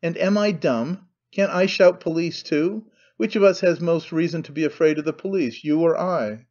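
A man's voice: fairly high pitch, moderate pace, a little mellow, highs cut off, close to an everyday voice. A man voicing a desperate young husband who makes curt, urgent demands.

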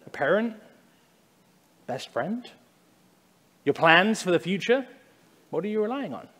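Man, pastor, sermon, conversational, slightly high voice, long church reverb. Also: big pitch swings. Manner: conversational preaching, shifts from loud acted prayers to hushed, slow emphasis. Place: church sanctuary.

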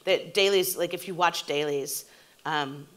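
Low-voiced animated woman telling stories. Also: a little slow. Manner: animated storytelling, acting out quotes. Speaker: TV showrunner and guest. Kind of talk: onstage interview conversation.

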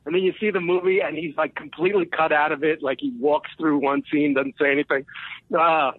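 High-voiced excitable man on a phone line. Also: fairly quick, dry recording. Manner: rambling, excitable storytelling with laughter. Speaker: comedian guest. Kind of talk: casual comedy podcast chat.

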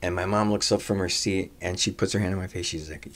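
A man's voice: sits low, level tone, fast talker, fairly bright tone. A man who runs restaurants, telling personal stories in a conversation, with lots of "uh" fillers and restarts. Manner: long anecdotes with frequent "uh" fillers and restarts; swears casually. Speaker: restaurateur guest.

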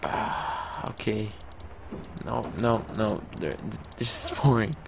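A man's voice: fairly low pitch, animated, takes it slowly, gravelly, noisy background. A young man joking his way through a story game in a casual let's-play commentary. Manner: joking, reads game text aloud. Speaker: gamer.

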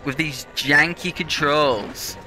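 A young man talks over his own gameplay with a very bright, sharp tone. He rants and swears at the janky controls, exasperated and fed up. Faint game music plays underneath. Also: fairly high pitch, slow. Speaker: let's play gamer. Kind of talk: live gameplay commentary.

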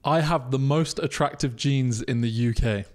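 A man's voice: medium pitch, normal speed. A young man co-hosting a podcast, teasing his friend, laughing often and reading out survey figures in casual chat. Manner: teasing, laughs a lot, reads out survey stats. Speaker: podcast co-host.

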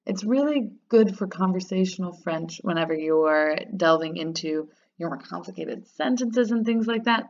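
A woman teaching a recorded grammar lesson, upbeat and patient, repeating words slowly so they sink in. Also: medium pitch. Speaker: French teacher. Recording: dull lo-fi sound.

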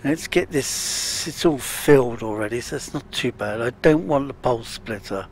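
A man's voice: mid-range voice, moderate pace, gravelly, slight background noise. A man giving casual, chatty let's-play commentary, muttering to himself as he plays. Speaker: gaming channel host.

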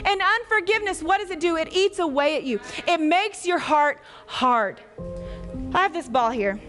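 A woman preaching a live children's sermon in church, animated, asking the kids questions and acting out quotes. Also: very high voice, normal speed, soft background music. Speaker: children's pastor. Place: church hall.

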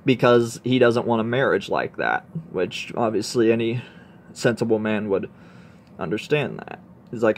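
A man's voice: fairly low pitch, animated, normal speed, a little hiss or hum. A man reviewing a comic book, reading its dialogue aloud with casual asides in between. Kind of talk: casual read-through of a comic.

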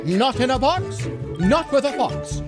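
A man's voice: extremely high pitch, very animated, unhurried, music in the background, pitched above the performer's own voice, exaggerated voice. A man voicing a sing-song, overly sweet male host of a children's storybook reading. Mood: sugary.

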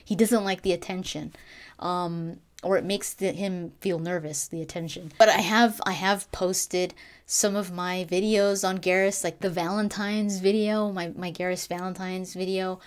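Excitable woman gushing as a gaming vlogger. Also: on the low side, measured pace, clear, resonant tone. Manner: gushing, excitable, many restarts and fillers. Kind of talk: casual fan commentary.

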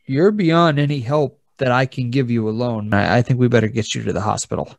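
Man, tabletop player in character, hesitant, gravelly, dry sound. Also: mid-range voice, a little fast, no room sound. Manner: hesitant, restarting speech. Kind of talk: in-character tabletop role-play.

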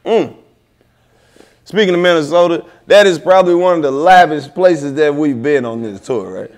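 A man hosting a comedy talk show, telling road stories in casual, profane banter with drawn-out emphasis. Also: a little high, lively intonation. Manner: brash storytelling, heavy cursing, drawn-out emphasis. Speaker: comedian host. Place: living room set.

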